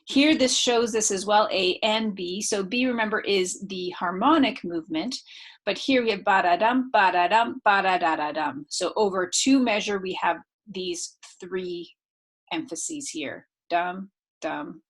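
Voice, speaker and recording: A woman's voice: mid-range voice, expressive, measured pace, slightly rough. A woman giving a recorded music theory lecture over slides, speaking conversationally with fillers and sometimes singing rhythm syllables.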